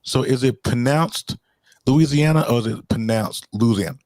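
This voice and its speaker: A man's voice: mid-range voice, steady tone, moderate pace, no room sound. A man co-hosting a podcast in casual chat, teasing and playful with his co-host.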